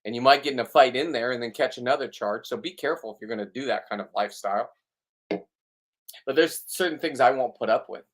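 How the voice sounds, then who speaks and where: A man's voice: medium pitch, a little fast. A middle-aged man, ranting bluntly to his viewers in a rambling, riled-up monologue full of restarts. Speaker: vlogger. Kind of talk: ranting casual monologue to camera.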